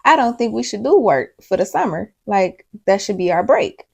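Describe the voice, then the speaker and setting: Woman doing a matter-of-fact little girl, gravelly, mid pitch. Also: very animated, moderate pace, a little mellow, heavily acted. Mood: chatty. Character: chatty well-spoken little girl.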